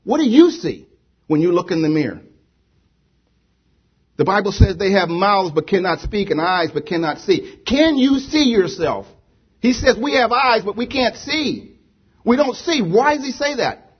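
A man's voice: sits high, very animated, unhurried, slightly rough, highs cut off. A man preaching a sermon to a congregation, emphatic, repeating rhetorical questions. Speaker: pastor. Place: church with a congregation.

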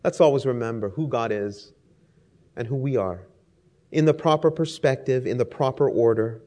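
A man's voice: a little high, mellow. A man preaching a sermon, speaking emphatically with rhetorical lists and stories. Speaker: pastor.

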